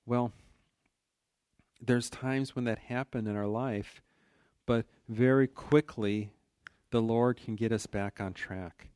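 A man's voice: mid-range voice, fairly even intonation, takes it slowly, long pauses, a little mellow, clear, resonant tone, dry recording, studio quality. A man teaching from the Bible in a conversational, earnest way, often restarting his sentences and adding "you know". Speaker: preacher.

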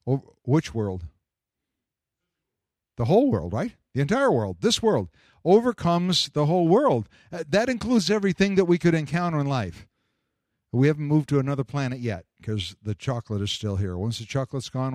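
A man preaching a sermon, animated and jokey, acting out imagined speakers. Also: medium pitch, dry recording, clean studio sound.

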